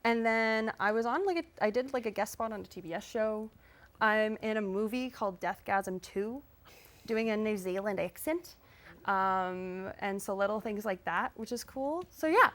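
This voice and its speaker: A woman's voice: medium pitch, moderate pace, fairly bright tone. A young woman from Canada, a singer and guest on a live talk show, chatting in a bubbly way with frequent laughs and fillers.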